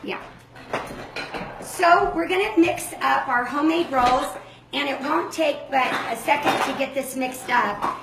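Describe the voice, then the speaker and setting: An older woman hosting a cooking demonstration, chatty and quick to explain each step. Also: sits high, roomy sound, very noisy. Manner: chatty, self-described fast talker. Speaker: cooking show host.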